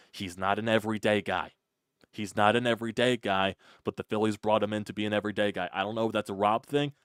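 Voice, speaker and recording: A man's voice: on the low side, a bit bright, dry recording, studio quality. A man hosting a sports channel, ranting in an exasperated, repetitive way and mocking others in a put-on voice. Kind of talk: ranting sports reaction monologue.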